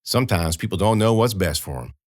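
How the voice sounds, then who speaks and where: A man's voice: on the low side, lively intonation, a little fast, no room sound, studio quality. A man narrating a horror audiobook in the first person, telling it in a folksy, conversational way.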